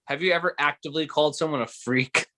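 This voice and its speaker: A man's voice: on the high side, steady tone, fast talker, sharp tone. A man co-hosting a casual podcast, teasing playfully and slipping into silly voices. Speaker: podcast co-host. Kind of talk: casual chat.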